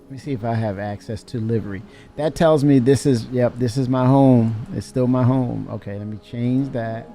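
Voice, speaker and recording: Male game streamer, dark mellow tone, wry, mock-angry running commentary. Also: mid-range voice, normal speed, soft background music. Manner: wry, mock-angry grumbling with self-mocking laughs. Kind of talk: live gameplay commentary.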